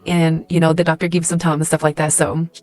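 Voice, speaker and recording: A woman's voice: low voice, little pitch movement, brisk, darkish tone, no echo. A woman telling a dramatic story in the second person, in a casual, rambling way full of fillers. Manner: rambling, heavy use of "like" and "and stuff like that". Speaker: storyteller in a social media clip.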